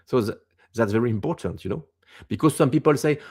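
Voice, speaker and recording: A man in his fifties from France, a native French speaker with a Quebec French accent, talking as an interview guest in halting English and searching for words. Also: fairly low pitch, expressive, a little mellow, husky. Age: 50s. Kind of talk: casual interview talk.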